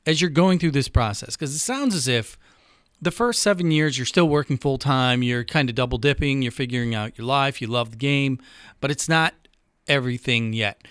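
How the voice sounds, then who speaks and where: Smooth-voiced man asking long questions. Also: medium pitch, normal speed, fairly bright tone, no room sound, studio quality. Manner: long, winding questions with restarts. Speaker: podcast host. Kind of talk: interviewing on a podcast.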